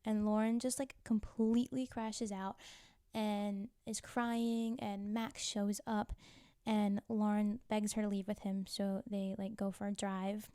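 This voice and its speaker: A woman's voice: mid-range voice, level tone, a little slow, dark tone, clean tone, no echo, clean studio sound. A woman recapping TV episodes in a chatty, wry way, full of casual filler and teasing asides. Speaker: TV show recapper.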